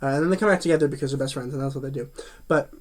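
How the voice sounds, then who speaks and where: A man's voice: mid-range voice, very fast. A man giving a casual spoken movie review, chatty and full of fillers and restarts.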